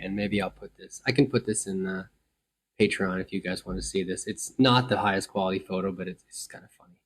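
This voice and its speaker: A man from the United States hosting a travel show, telling his stories in a thoughtful, meandering way with frequent restarts. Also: mid-range voice. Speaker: travel podcast host. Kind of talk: reflective travel storytelling.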